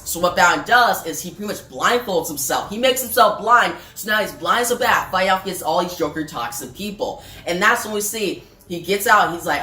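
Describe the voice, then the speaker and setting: A woman's voice: fairly low pitch, expressive, a little fast, few pauses, sharp tone. A woman casually recapping a comic book story, chatty and talking straight to viewers. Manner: chatty, addresses viewers as guys, many fillers. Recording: echoey room, faint music.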